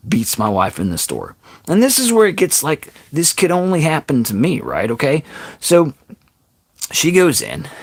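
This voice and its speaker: A man's voice: medium pitch, dry recording. A man vlogging a funny story in a casual way, often stopping to ask the audience "okay?" and adding self-mocking asides. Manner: animated, keeps addressing the audience with "okay?" and "people"; self-deprecating, exaggerated asides.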